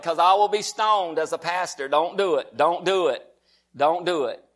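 A male pastor preaches in a folksy, emphatic way. His voice sits high for a man. He stretches out the scripture lines slowly, word by word. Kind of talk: sermon.

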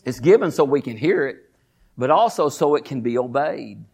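A male pastor, delivering a sermon with repetition and call-and-response, rising to shouts. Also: expressive, normal speed, gravelly, breathy edge. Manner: builds from low conversational teaching to loud, shouted preaching.

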